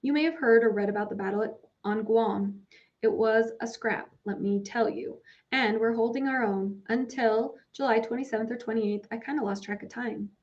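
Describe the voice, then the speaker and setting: A woman's voice: on the high side, normal speed, a little mellow, lightly acted. A woman voicing an easygoing wounded young soldier writing home in a folksy way, on a dull lo-fi recording.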